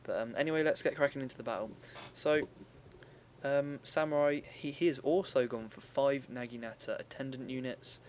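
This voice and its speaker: A young man talks through a replay of a strategy game battle in a loose, chatty way, often stopping to correct himself. His voice sits at an everyday middle pitch. A faint ambient hum stays under his voice. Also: normal speed. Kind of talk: casual gameplay commentary.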